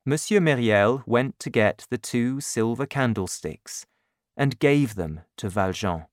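Brief: slow storybook narrator, lively pitch, dry close sound. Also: no room sound. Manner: slow, expressive, clearly paced reading.

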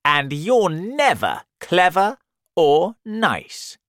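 A woman voicing an indignant elephant in a children's story, high and scolding. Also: very animated, extremely slow, no echo, clean studio sound, exaggerated voice. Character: indignant young male elephant.

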